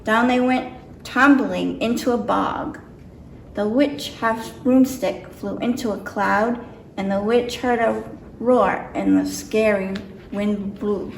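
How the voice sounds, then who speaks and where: A woman's voice: mid-range voice, fairly even intonation, slow, creaky, a little hiss or hum. A woman reading a picture book aloud with careful, slightly nervous delivery. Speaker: storybook reader. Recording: roomy echo, mic far off.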